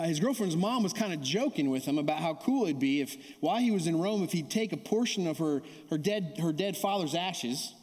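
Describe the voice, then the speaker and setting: A pastor with a fairly high, slightly mellow voice preaches a storytelling sermon in a church sanctuary, where long hall reverb fills the recording. He speaks conversationally, keeps asking the congregation "right?" and calls for their responses.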